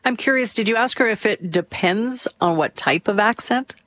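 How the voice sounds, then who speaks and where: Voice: mid-range voice, moderate pace, fairly bright tone, no echo. Talk show co-host, opinionated, digressive, filler-heavy, dry sound. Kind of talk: conversational talk show chat.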